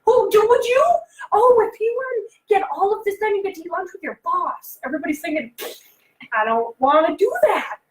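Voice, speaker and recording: A woman coaching parents in a casual, animated talk, often acting out what kids say and asking the listener questions. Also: extremely high pitch, moderate pace, roomy sound, rough recording. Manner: animated, acts out kids' voices, asks the listener questions. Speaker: behavioral consultant and life coach.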